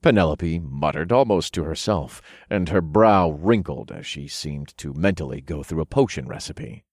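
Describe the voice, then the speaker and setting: A man narrating first-person fiction in a low, steady storytelling voice, close to the mic. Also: moderate pace, hardly any pauses, no echo. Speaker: audiobook narrator.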